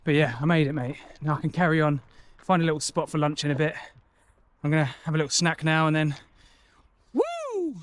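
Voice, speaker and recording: A man's voice: on the high side, flat delivery, fast talker, dry recording. A man chatting to himself and his camera while cycling outdoors, sometimes out of breath, with a casual and cheerful way of talking. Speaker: cycling vlogger. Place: outdoors on a bike route. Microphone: camera mic. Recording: faint outdoor noise.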